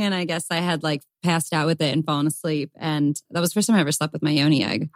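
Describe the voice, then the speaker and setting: A woman's voice: lowish voice, fairly even intonation, fast talker, few pauses, no echo. A woman co-hosting a podcast, telling a personal story candidly and casually, with giggles along the way. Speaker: podcast co-host. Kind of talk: casual chat.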